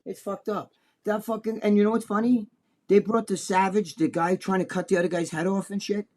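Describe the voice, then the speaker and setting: A man's voice: sits high, flat delivery, fairly quick, a little mellow. A man co-hosting a podcast, talking bluntly and crudely, acting out other people's voices as he tells stories. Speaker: podcast co-host. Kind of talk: casual profane chat.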